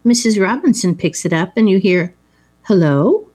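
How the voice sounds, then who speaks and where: A woman's voice: medium pitch, brisk, a little mellow. A woman in casual chat about a film, adding trivia and wry asides.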